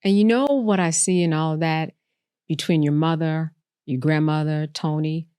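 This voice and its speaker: Low-voiced, reflective woman co-host. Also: normal speed, dark tone, clean tone, dry recording, clean studio sound. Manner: reflective, affirming. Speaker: podcast co-host. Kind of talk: casual chat.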